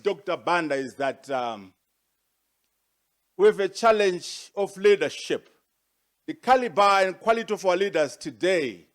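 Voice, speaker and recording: A man with a high-set voice delivers a formal presentation to an audience. He speaks emphatically, stacking rhetorical questions and leaning on key words with sharp rises. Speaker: guest speaker.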